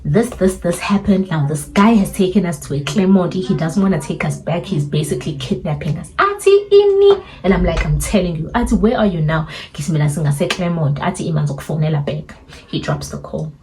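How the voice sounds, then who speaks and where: A young woman with a South African accent tells a story in a casual, animated way, switching between English and Zulu and acting out what people said. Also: deep voice, fast talker, slight background noise. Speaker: storyteller vlogger.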